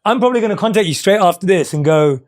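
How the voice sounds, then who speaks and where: A man's voice: high voice, lively intonation, rapid-fire, no room sound, studio quality. A man from England hosting an interview, asking questions and reacting with encouragement. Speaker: interview host. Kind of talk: conversational interview.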